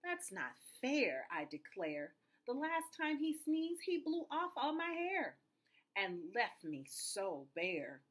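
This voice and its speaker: A fussy male bear from a picture book who whines and complains, as a woman reading aloud puts him on. He speaks slowly in a breathy voice. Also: on the high side, very animated, a bit bright, pitched above the performer's own voice, heavily acted. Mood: indignant. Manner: whiny, indignant.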